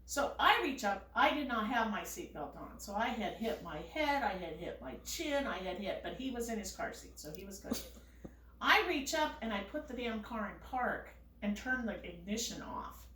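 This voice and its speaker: A woman telling a casual family anecdote, animated and often laughing as she talks. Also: mid-range voice, moderate pace, echoey room, far from the mic, slight background noise. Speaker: storyteller.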